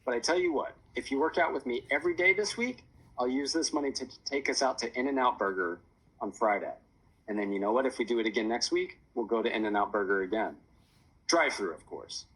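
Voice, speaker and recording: A man voicing a playful, energetic mother of three who teases her kids. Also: mid-range voice, fairly quick, husky, poor audio. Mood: upbeat. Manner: teasing, upbeat, bossy.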